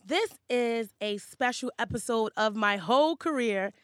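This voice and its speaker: A woman in her thirties hosts her own podcast in a bright, upbeat way. Her voice sits a little high and the recording is close and dry, with no room sound. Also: animated, measured pace, no echo. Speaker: podcast host. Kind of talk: casual chat.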